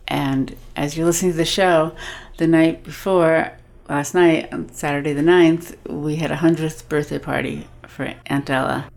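A woman, a guest on a radio show, warmly reminiscing about her family. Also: low-pitched, vocal fry. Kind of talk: personal remembrance.

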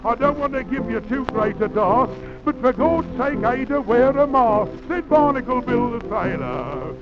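Boastful salty sailor sung by a man, music hall comic style, very high voice, slow, dull 78 rpm record with band. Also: animated. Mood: scornful. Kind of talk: 1920s comic novelty record.

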